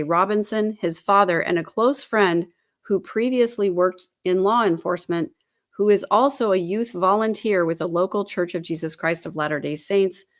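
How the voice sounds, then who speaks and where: A woman with a lowish voice hosts an online commentary show, reading news articles aloud at her computer and adding her own speculation in a chatty style packed with fillers.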